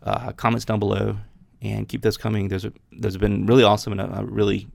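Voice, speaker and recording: A man's voice: fairly low pitch, level tone, quick pace, gravelly, dry recording, studio quality. A man hosting a podcast, reading Bible passages aloud and talking them over casually, with frequent restarts. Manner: reads scripture aloud then chats about it with many restarts. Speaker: podcast host.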